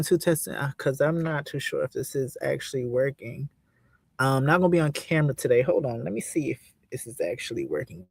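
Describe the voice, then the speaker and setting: A man's voice: mid-range voice, no echo. A man hosting his own channel, chatting casually and loosely on a livestream, with slangy talk and many fillers.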